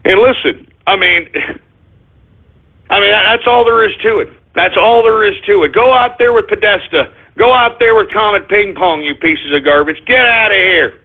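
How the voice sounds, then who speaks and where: A man hosting a political talk radio show, ranting combatively and breaking into shouted bursts. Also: high voice, moderate pace, vocal fry. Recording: phone-like narrow band.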